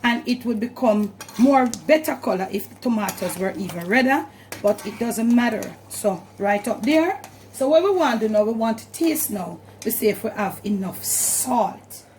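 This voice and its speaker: A woman's voice: a little high, animated, moderate pace, a little mellow, slight background noise, low-quality recording. Jamaican lady doing a cooking show at home, chatty how-to talk, pots clinking a bit in the back. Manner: chatty, instructive, repeats "and all of that". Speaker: cooking channel host. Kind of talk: casual cooking demonstration. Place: home kitchen.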